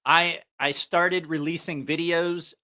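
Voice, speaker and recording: A man's voice: on the high side, little pitch movement, takes it slowly, pushed and bright. A man hosting a live stream, telling a rambling, profane story in a casual way and laughing at his own jokes.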